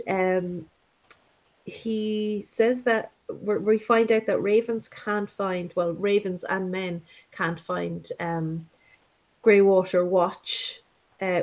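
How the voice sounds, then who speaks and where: A woman in casual book-discussion chat, talking haltingly with lots of fillers and restarts. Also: lowish voice, darkish tone, dull audio.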